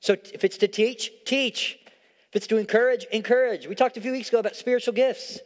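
A young adult man preaching a sermon in church, emphatic and repetitive, swinging between hushed storytelling and loud declarations. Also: very high voice, steady tone, fairly quick. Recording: long hall reverb.

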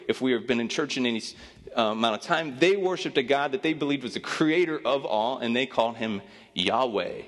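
A man giving a casual, joking sermon as a pastor, telling a Bible story in an easygoing, conversational way. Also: mid-range voice. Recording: long reverb of a hall.

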